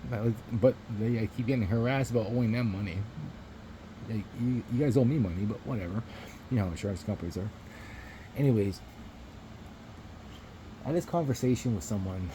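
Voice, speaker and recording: A man's voice: lowish voice, fairly quick, long pauses, mellow, a little hiss or hum, rough recording. A man vlogging to his phone camera, telling a rambling story in a casual, profane way and chuckling between remarks.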